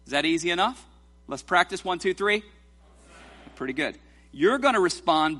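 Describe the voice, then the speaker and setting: A man preaching a sermon in a church, reading scripture slowly and leading the congregation in a playful responsive reading. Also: sits high, animated, sharp tone. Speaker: pastor. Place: church sanctuary.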